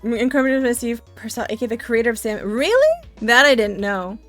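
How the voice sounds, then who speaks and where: A young woman from Louisiana hosts a casual live stream, her voice sitting a little high. She rambles and giggles, often restarting her sentences. Soft music plays faintly under her talk. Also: big pitch swings, a little fast. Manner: chatty, giggly, lots of fillers and restarts. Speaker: streamer chatting with chat.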